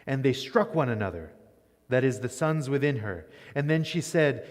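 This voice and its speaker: A man's voice: mid-range voice, animated, moderate pace, in a large hall. A man giving a conversational Bible lecture as a teacher, often checking in with his listeners. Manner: conversational, keeps asking "right?". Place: church.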